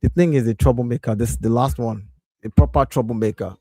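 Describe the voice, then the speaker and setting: A man in his thirties hosting a casual live stream from his home office, talking in an animated way and breaking off to scold his kids and greet viewers. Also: mid-range voice, fairly quick, dry recording, studio quality.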